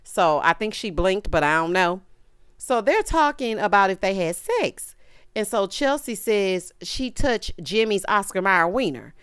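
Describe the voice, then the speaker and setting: A woman giving sassy, animated commentary as she recaps a reality show. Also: mid-range voice, a little slow, clear, resonant tone, no echo, studio quality. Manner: animated, sassy, acts out quotes.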